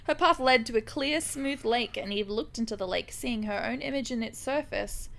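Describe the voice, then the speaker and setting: Young woman podcast co-host, bright and a little high, irreverent comic recap with giggles. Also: moderate pace, gravelly. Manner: irreverent, giggly, acts out characters in silly voices. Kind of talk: casual comedic book recap.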